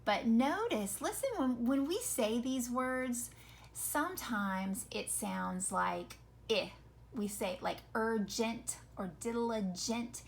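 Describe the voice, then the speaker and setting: A woman's voice: a little high, expressive, slow pace, creaky, a little hiss or hum. A woman teaching a phonics lesson to children, patiently sounding out example words and asking questions.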